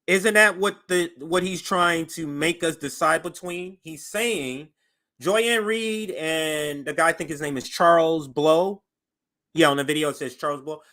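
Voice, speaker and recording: A man hosting a show, giving animated political commentary as he reacts to news clips. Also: fairly high pitch, measured pace. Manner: animated and conversational, voice jumps up for emphasis.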